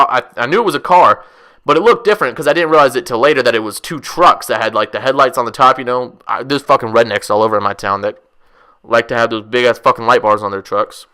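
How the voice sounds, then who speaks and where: A young man telling a wild story casually, profane, rambling and excitable. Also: medium pitch. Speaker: vlogger.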